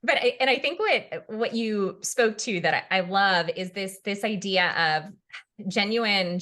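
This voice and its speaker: Earnest woman pastor, warm emotional reassurance, bright clear tone, lower voice. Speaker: pastor and mental health advocate. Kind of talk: heartfelt discussion.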